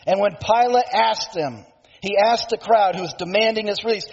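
Male preacher, emphatic storyteller, husky high voice, long hall echo, dull lo-fi sound. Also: moderate pace, darkish tone. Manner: emphatic storytelling, self-interrupting. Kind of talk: sermon, dramatic retelling.

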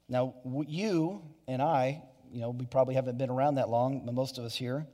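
A man's voice: mid-range voice, brisk, hardly any pauses, mellow. Preaching man in a reverberant hall. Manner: earnest preaching with frequent restarts and "you know". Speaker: pastor. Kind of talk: sermon. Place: church sanctuary.

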